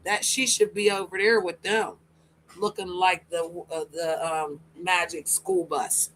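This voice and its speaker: A woman's voice: fairly low pitch, fairly even intonation, a little slow, a bit bright, slight background noise, poor audio. A woman doing livestream commentary, taunting and mocking a rival with sarcasm and swearing. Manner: talks to a rival by name.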